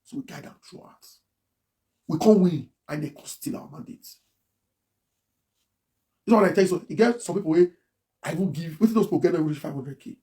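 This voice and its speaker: Fast, high-voiced Nigerian man ranting. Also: warm tone. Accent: Nigerian Pidgin English. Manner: emphatic, repetitive, heated. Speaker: blogger. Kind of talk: livestream rant.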